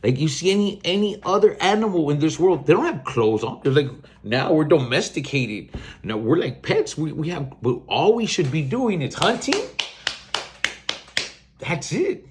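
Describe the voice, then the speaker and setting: Young South Texas man, podcast host, casual storyteller, lively pitch, slangy. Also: normal speed. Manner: animated, slangy, mixes in Spanish words.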